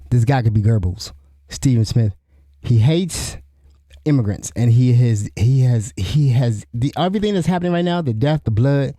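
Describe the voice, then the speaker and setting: Solo podcast host, middle-aged man, very mellow tone, rambling conversational delivery. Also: medium pitch, no room sound, studio quality. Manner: rambling, restarts often, asks "you know what I'm saying?". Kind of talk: solo commentary.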